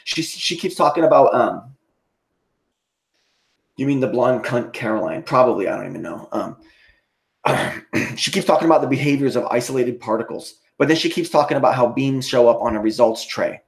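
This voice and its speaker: A man's voice: medium pitch, expressive, moderate pace, creaky. A man livestreaming an angry, profane rant, ending most points with "okay?".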